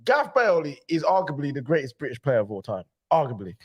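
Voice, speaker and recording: A man's voice: a little high, very animated, fast, breathy edge, dull audio. A man on a football fan panel, teasing and playful in casual chat.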